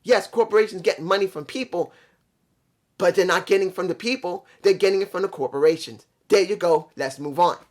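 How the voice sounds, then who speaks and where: Speaking fairly quickly in a high-pitched voice, a man from New York delivers a ranting wrestling show review. He's blunt and swears freely, airing his frustration straight to his subscribers.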